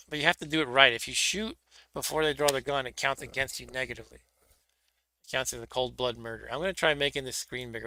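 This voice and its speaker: Guy streaming old computer games, gravelly voice, really bright hard tone, jokey and self-deprecating. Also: medium pitch, dry recording. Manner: chatty, self-deprecating, laughs at himself. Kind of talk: casual gameplay commentary.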